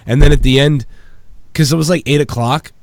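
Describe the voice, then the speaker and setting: A man's voice: a little high, a little fast, no room sound. A man hosting a podcast from his home basement, telling long rambling stories full of swearing and laughter. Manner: rambling, profane, laughs a lot. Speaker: podcast host. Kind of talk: casual chat.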